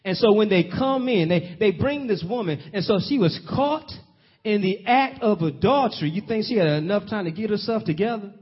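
A man's voice: high voice, animated, normal speed, husky. A man preaching a sermon, telling the story and stretching out key phrases, often asking the congregation questions. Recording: dull lo-fi audio.

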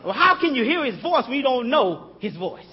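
A man's voice: very high voice, big pitch swings, a little fast, highs cut off. A man preaching a sermon in a conversational style, calling out to the congregation and chuckling as he talks.

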